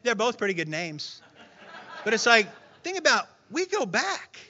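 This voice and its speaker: Male pastor giving a sermon, high bright voice, dull lo-fi recording, swings quiet to loud. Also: a little slow, slight background noise. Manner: lively, swings from hushed to emphatic; acts out voices in retold scenes. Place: church room with congregation.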